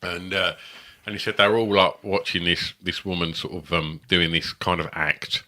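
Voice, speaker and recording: A man in his fifties, co-hosting a comedy podcast with bawdy quips and loud laughs. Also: sits low, steady tone, moderate pace. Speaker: podcast co-host. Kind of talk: casual chat.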